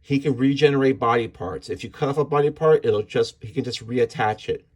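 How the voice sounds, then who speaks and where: A man's voice: mid-range voice, a little fast, a little mellow. A man casually and enthusiastically recapping a comic book issue, acting out the characters' lines as he goes. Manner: enthusiastic, retelling panels with voices.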